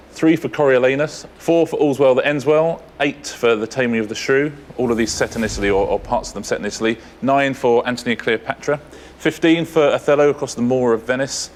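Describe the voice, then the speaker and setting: A man with an English accent, co-hosting a quiz show and reading out answers and scores in a measured, lightly chatty way. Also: mid-range voice, a little hiss or hum.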